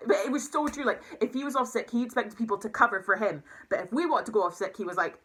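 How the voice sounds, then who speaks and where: A woman's voice: lowish voice, animated, racing, hardly any pauses, a bit bright, rough recording. A young woman, talking to camera in a rambling, emotional way with many fillers and restarts. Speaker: vlogger. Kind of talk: casual confessional talk to camera.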